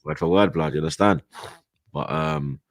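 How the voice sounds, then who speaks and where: A young man with a London accent hosting a football chat show, ranting in heavy slang and swearing as he builds to loud outbursts. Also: extremely low pitch, moderate pace, dry recording. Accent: London, multicultural London English slang. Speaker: football podcast host. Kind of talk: heated casual football chat.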